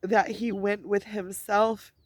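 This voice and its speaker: A woman speaking through tears in a personal vlog, her talk looping and repeating as she searches for words. Her voice sits at an ordinary middle pitch, and the sound is dry and close, with little space around it. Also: little pitch movement, takes it slowly, dry recording. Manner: rambling, repeats and restarts words. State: tearful. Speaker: spiritual vlogger. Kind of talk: emotional personal monologue. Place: outdoors at a scenic spot.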